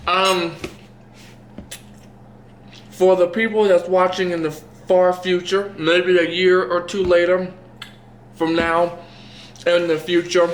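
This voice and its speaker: A young man with a high-sitting voice rambles to his camera mic while eating at home, woozy and self-mocking after having his eyes dilated. His delivery is flat and slow with frequent pauses. The room echoes, with slight background noise and faint clattering dishes.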